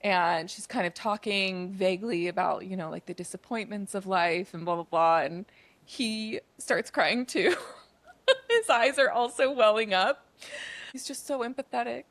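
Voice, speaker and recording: A woman's voice: medium pitch, measured pace, a bit bright, no room sound. A young adult woman co-hosting a podcast, recapping a film in chatty, casual talk packed with "like" fillers. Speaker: podcast co-host.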